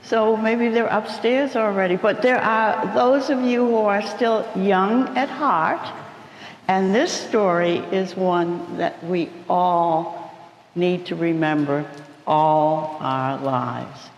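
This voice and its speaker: A man reading a children's picture book aloud during a church service, gentle and unhurried. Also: sits high, fairly even intonation, highs cut off. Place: church sanctuary. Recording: echoey sanctuary reverb.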